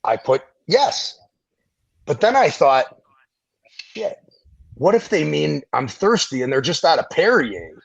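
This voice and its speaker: A middle-aged man, a veteran and former firefighter, telling stories in a casual interview, animated and profane, acting out the people he quotes. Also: fairly high pitch, slow, gravelly, long pauses, breathy edge, lo-fi sound.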